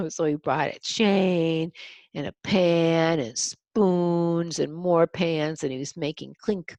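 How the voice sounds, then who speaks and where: A woman's voice: sits low, fairly even intonation, slow, darkish tone, dry recording. A woman reading a picture book aloud to children, explaining words and adding chatty asides. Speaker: storyteller.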